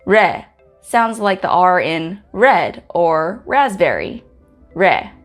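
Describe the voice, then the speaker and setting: A woman from Guam hosting a pronunciation lesson, saying each letter slowly and carefully with example words. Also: fairly low pitch, sing-song. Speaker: host teaching the Chamorro alphabet. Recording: faint music in the background.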